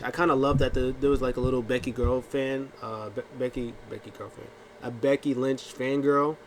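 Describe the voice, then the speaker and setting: Dude rambling about last night's wrestling, lots of um and uh, kinda faint hiss in the back. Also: male voice, mid-range voice, steady tone, normal speed. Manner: rambling with many fillers and restarts; acts out quotes in funny voices. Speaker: wrestling recap vlogger. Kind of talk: casual recap talk.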